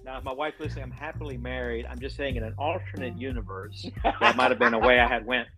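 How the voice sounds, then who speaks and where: A man's voice: medium pitch, animated, fast talker, vocal fry, bright, forceful tone, soft background music, poor audio. A man hosting a podcast, chatting casually and telling jokey stories. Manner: jokey, storytelling. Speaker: podcast host. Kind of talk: casual chat.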